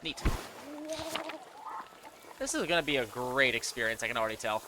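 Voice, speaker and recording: A man's voice: medium pitch, normal speed, sharp tone, a little hiss or hum. A man hosting a casual let's play, musing aloud with self-deprecating asides. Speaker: gaming video host.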